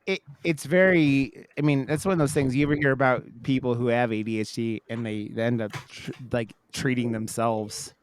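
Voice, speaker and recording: A man's voice: mid-range voice, steady tone, moderate pace, hardly any pauses, no echo. Dry-sounding male podcast host. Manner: profane, rambling, many restarts. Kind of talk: casual podcast chat.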